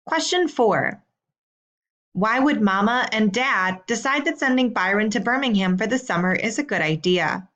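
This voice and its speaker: A woman teacher reading out homework questions in a slow, clear, deliberate way. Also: on the high side, animated, fairly bright tone, muffled recording. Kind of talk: recorded assignment instructions.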